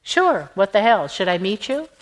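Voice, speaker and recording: A man's voice: high voice, sing-song, moderate pace, poor audio. A woman voicing a dry, sardonic middle-aged husband in an audiobook. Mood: wry.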